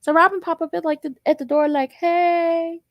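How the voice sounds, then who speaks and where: A young woman in a sassy, joking tone recapping a TV episode in a casual, animated way. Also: high voice, quick pace, no echo, muffled recording. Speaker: tv recap vlogger.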